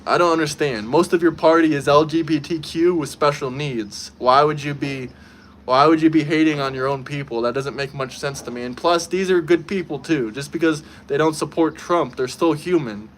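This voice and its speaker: A man with a slightly high voice runs a casual livestream and talks straight to his chat. He is combative and mocking, and a faint hum of room sound sits behind him. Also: normal speed, fairly bright tone. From United States. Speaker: livestream host.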